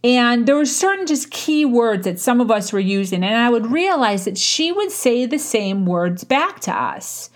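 A woman's voice: on the high side, big pitch swings, measured pace, few pauses. A woman giving conversational advice on building rapport, speaking casually with frequent fillers and restarts. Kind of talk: casual instructional talk.

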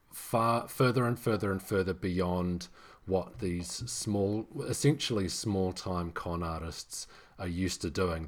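A man co-hosting a podcast, discussing a film in casual chat with many restarts and fillers. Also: deep voice. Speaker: podcast co-host.

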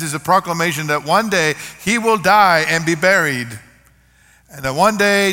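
Older male pastor, bright voice. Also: high voice. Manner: earnest, varied emphasis, storytelling. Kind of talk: sermon. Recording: long reverb of a large hall.

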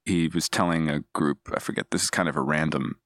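A man's voice: rumbling low, steady tone, brisk, fairly bright tone, no room sound, clean studio sound. A man speaking as a podcast guest, explaining ideas in a thoughtful, digressive way with frequent restarts. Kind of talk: casual analytical discussion.

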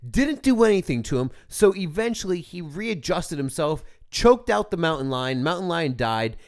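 Animated ranting man, lively pitch. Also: normal speed. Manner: animated ranting, swearing, mock voices. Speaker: podcast co-host. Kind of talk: casual chat.

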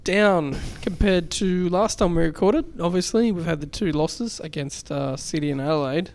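Chatty higher-voiced podcast host man. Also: normal speed. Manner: relaxed, chatty, laughs easily. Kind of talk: casual podcast chat.

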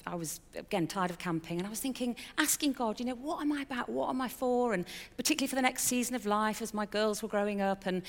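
A woman's voice: mid-range voice, long reverb tail. A middle-aged woman giving a personal testimony in a candid, chatty storytelling way with fillers and a touch of self-mockery. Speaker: speaker sharing a personal testimony.

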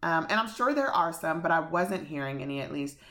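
A woman talks as a guest on a relaxed podcast, telling the story behind her own show in long, filler-laden stretches. Her voice is bright and forceful and sits slightly low. The delivery stays easygoing and conversational. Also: brisk. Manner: chatty, explains at length with many fillers.

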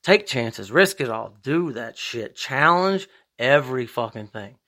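A man hosting a podcast, talking in a profane, rambling monologue with big emphatic swings in pitch. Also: animated, a little slow, sharp tone. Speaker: podcast host. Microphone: podcast microphone.

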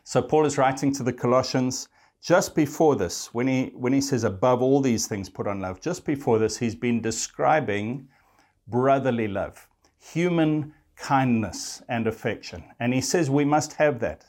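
A man's voice: mid-range voice, unhurried, a little mellow. A man preaching a sermon, reading scripture aloud and explaining it earnestly. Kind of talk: sermon teaching.

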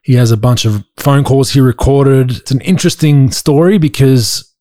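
A man's voice: mid-range voice, normal speed, warm tone, no room sound, studio quality. A man with an Australian accent hosting a casual podcast, blunt and laid-back, swearing freely. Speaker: podcast host.

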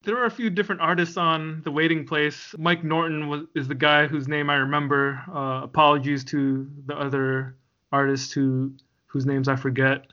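A man's voice: a little high, level tone, moderate pace, pushed and bright. A man co-hosting a podcast, chatting casually and laughing easily. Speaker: podcast co-host. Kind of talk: casual chat. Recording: dull lo-fi sound.

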